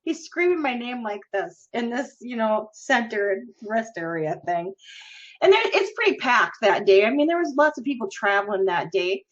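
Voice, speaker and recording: A woman's voice: a little high, animated, normal speed. A woman hosting a podcast, telling a story in a casual, giggly, chatty way. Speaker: podcast host. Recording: lo-fi recording.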